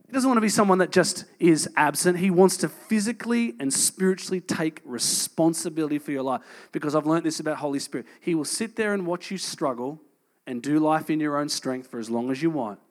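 A pastor in his thirties delivers a sermon with a fairly high-pitched voice. His style is earnest and conversational, shifting between emphatic points and soft, intimate moments.

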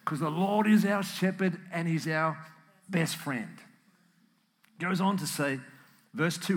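A man preaching a sermon, earnest and emotional, at times close to tears, building up to animated emphasis. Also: fairly high pitch, slow pace, long pauses. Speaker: pastor.

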